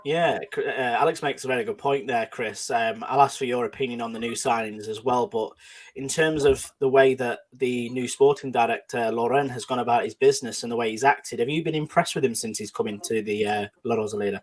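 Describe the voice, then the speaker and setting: A man's voice: medium pitch, a little fast. A man hosting a casual football chat podcast, talking with many fillers and restarts and putting questions to his co-hosts. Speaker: podcast host.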